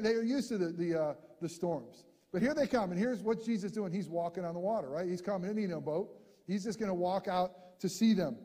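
A man preaching a sermon, telling a scripture story with lively acted-out voices and sudden drops to a hush. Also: high voice, big-room sound. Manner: animated storyteller, acts out characters, shifts from loud to hushed. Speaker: pastor.

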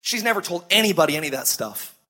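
A man preaching a sermon, telling stories in a conversational way and slowing down to stress key phrases. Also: high voice, very animated, sharp tone, husky. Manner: conversational storytelling with emphatic slowed phrases.

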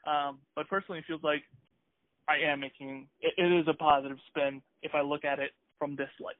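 A man chats casually on a podcast, hesitant and upbeat, often restarting his sentences. His voice sits a little high, and it sounds dry and thin, like a phone line. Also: fairly even intonation, a little fast, no room sound. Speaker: podcast co-host. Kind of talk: casual conversational chat.

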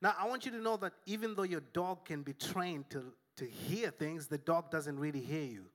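Male pastor from Africa, slightly high, bright sermon voice, animated storyteller. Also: moderate pace. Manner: animated storytelling, swinging to soft and hushed.

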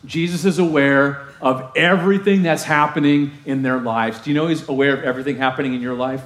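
A man's voice: on the high side, fairly even intonation, fairly quick, fairly bright tone, echoey room. A man preaching a sermon as pastor, emphatic and repeating phrases for effect.

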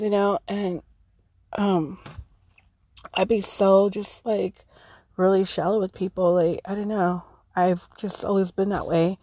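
A woman's voice: medium pitch, steady tone, a little slow, dark tone, slightly rough, no echo, low-quality recording. Tired, rambling, profane woman storyteller. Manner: rambling and profane, heavy fillers. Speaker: podcast host. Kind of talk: casual storytelling monologue.

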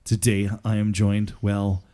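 A man's voice: fairly low pitch, monotone, a little slow, mellow. A man hosting a podcast in casual chat, joking and rambling with fillers. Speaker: podcast host.

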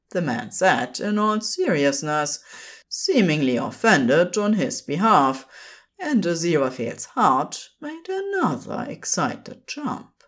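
A woman with a lowish voice reads a story aloud, taking her time and letting her pitch rise and fall expressively. Her narration is unhurried and warm in pace, with a lively melodic shape. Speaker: podfic reader.

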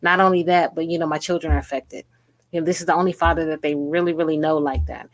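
A middle-aged woman with a low voice, speaking as a podcast co-host. She tells personal stories at length, with rambling, heartfelt delivery. Her talk is casual and open. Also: fairly even intonation, fast, no echo. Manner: emotional, rambling storytelling with laughs. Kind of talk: casual chat.

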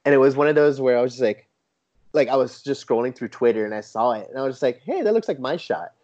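A man's voice: medium pitch, fast. Enthusiastic man telling stories, dull lo-fi audio. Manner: enthusiastic storyteller who quotes others in a lively, raised voice. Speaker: toy photographer guest. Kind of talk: casual chat. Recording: dull lo-fi sound.

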